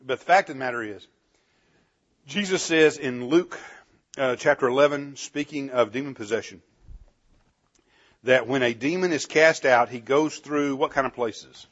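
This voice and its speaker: A man teaching a Bible class, animated, asking the class questions and chuckling often, on a dull lo-fi recording. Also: mid-range voice, moderate pace, long pauses.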